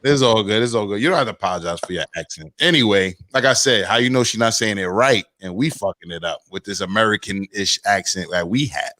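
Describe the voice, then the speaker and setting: A man's voice: fairly low pitch, quick pace, few pauses, no room sound. A man hosting a casual podcast rant, reading out chat comments and firing off rhetorical questions. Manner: animated, fires off rhetorical questions. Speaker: podcast host.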